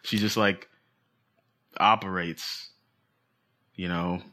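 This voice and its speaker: A man's voice: sits low, fairly even intonation, takes it slowly, pushed and bright. A man co-hosting a podcast, chatting casually in a playful, jokey way. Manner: playful, jokey, trails off into asides. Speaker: podcast co-host. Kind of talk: joking casual chat.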